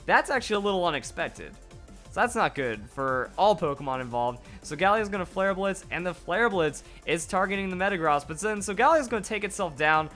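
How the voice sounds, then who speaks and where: A man giving excited play-by-play commentary on a video game battle, his voice going hoarse. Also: high voice, soft background music. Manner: hype, rapid play-by-play with exclamations. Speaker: gaming YouTuber.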